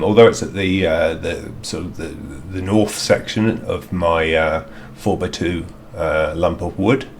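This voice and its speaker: A man's voice: deep voice, slight background noise. A man outdoors in a garden, talking through a DIY product review in a rambling, hesitant way with many fillers.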